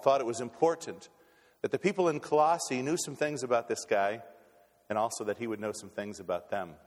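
A man preaching a sermon as pastor, folksy and stumbling on repeated words as he restarts. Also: lowish voice. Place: church sanctuary. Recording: long reverb in a church hall.

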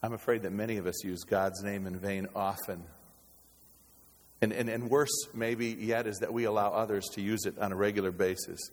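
Pastor preaching in a reverberant hall. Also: male voice, steady tone, normal speed. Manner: dynamic preaching, swinging from loud exclamations to hushed low tones. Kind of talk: sermon. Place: church sanctuary.

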